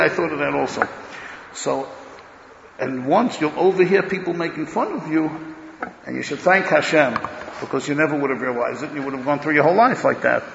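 A man giving a Torah lecture in an emphatic, loud way, swinging between declarations and muttered asides, recorded dull in an echoey hall. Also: a little high, gravelly, a little hiss or hum. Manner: talks loudly, says he is hard of hearing. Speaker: rabbi giving a Torah class.

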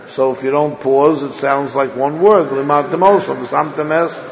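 A man giving a religious lecture to a class, sounding out Hebrew words slowly and repeating them to show how they should be said. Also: mid-range voice, steady tone, creaky, slight background noise. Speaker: religious teacher. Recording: lo-fi echoey hall recording.

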